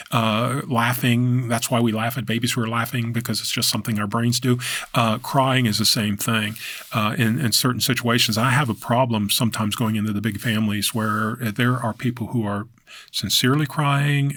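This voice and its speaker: A man guesting on a podcast, telling a story in a halting, reflective way with many fillers and restarts. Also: mid-range voice, fairly bright tone, dry recording. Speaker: podcast guest, decedent remover. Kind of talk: casual interview storytelling. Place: podcast studio.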